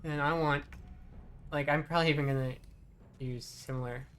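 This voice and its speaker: A streamer giving relaxed, chatty commentary while playing, muttering asides. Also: medium pitch, moderate pace, faint music behind. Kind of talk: casual gameplay commentary.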